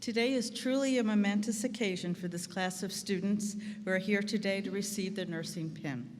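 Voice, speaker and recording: A woman acting as master of ceremonies, reading scripted remarks in a measured, formal way. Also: mid-range voice. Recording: long hall reverb, faint background noise.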